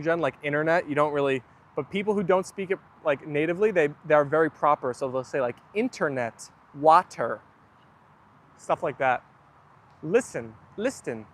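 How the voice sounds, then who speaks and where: A young man hosting a casual livestream, chatting loosely and reading viewer comments aloud. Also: on the high side. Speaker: livestream host.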